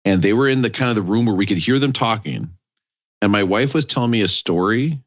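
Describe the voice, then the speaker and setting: A man co-hosting a podcast, telling an animated anecdote in casual chat. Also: lowish voice, fairly quick. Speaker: podcast co-host.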